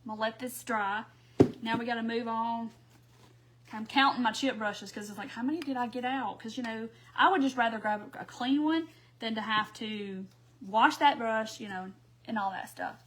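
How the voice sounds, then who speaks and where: A woman's voice: on the high side, normal speed, fairly bright tone. A woman, hosting a casual craft livestream from home, chatting and laughing with her viewers while she paints. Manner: chatty, laughs often, talks to viewers as y'all.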